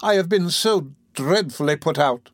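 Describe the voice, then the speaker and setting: A man reading aloud, voicing a flustered female workhouse matron in a high, breathless, whimpering voice. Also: lively intonation, unhurried, no room sound, clean studio sound. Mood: distressed.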